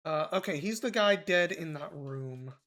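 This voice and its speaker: A man's voice: a little high, animated, a little slow, a bit bright. A man streaming a mystery game, thinking aloud in loose, casual commentary with offhand swearing.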